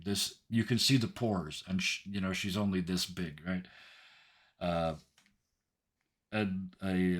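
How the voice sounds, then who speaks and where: A man narrating as game master of a tabletop game in a halting, descriptive way. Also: lowish voice, a bit bright, slightly rough.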